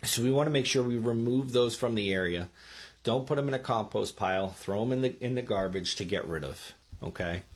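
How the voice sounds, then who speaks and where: A man's voice: mid-range voice, a little fast, slightly rough. A man giving casual gardening advice into a microphone, chatty and often checking in with the listener with "okay?" and "right?". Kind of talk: casual instructional talk. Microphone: speaking into a microphone.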